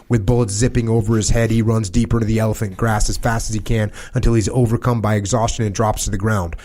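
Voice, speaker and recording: A man hosting a podcast, reading a wartime account aloud in a measured, grave way, with small slips and restarts. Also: on the low side, a little mellow. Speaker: podcast host.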